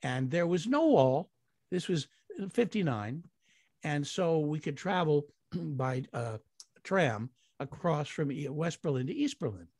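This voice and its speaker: A man's voice: fairly high pitch, animated, unhurried, a little mellow, dry recording. Older man, guest actor, storytelling, rambling, chuckling, dry close sound. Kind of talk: storytelling in an interview.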